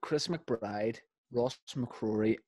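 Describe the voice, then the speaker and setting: Very slow and darkish in tone, this medium-pitched podcast co-host rambles through stories in a casual conversation, cursing and breaking into laughter as he goes. There's no echo.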